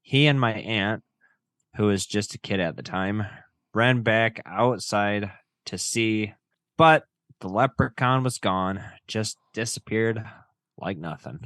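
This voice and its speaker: Male podcast co-host, low voice, relaxed and jokey, dry close mic. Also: slow, no room sound. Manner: relaxed, joking, swears casually. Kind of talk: casual podcast chat and reading stories.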